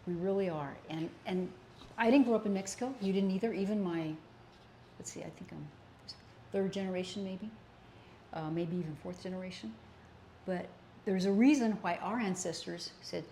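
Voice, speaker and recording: A woman's voice: medium pitch, moderate pace, a little mellow, a little hiss or hum. An older woman co-hosting a casual political talk show, speaking earnestly and repeating points for emphasis. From American Southwest. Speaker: co-host.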